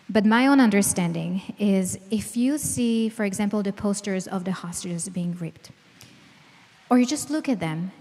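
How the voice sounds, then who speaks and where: A woman researcher giving an emphatic, animated talk to an audience. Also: medium pitch. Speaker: guest speaker, researcher. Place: large hall. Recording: long reverb of a large hall.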